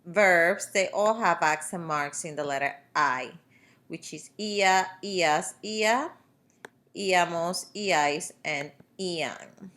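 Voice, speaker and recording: A woman's voice: deep voice, pushed and bright. A woman teaching a grammar lesson over a screen recording, explaining step by step with patient fillers. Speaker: Spanish teacher.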